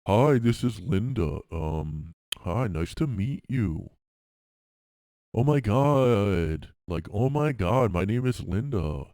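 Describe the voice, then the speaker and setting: A man voicing a deep-voiced, bubbly party-girl woman with gigantism, gushing and repeating herself in a gravelly, slowed-down voice. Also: lively intonation, mellow, no room sound, clean studio sound.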